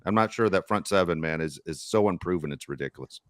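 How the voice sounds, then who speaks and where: Low-voiced man telling a sports story. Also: quick pace, no room sound. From Los Angeles area. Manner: storytelling, animated, swears casually. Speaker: podcast host. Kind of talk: casual sports chat.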